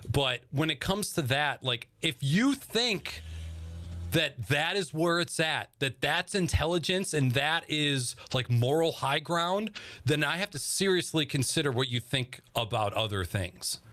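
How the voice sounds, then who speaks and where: A man's voice: a little high, animated, measured pace, fairly bright tone, dry recording. A man co-hosting a casual podcast, talking bluntly and swearing freely as he makes his points. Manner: blunt, swears freely, talks in earnest stretches. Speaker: podcast co-host.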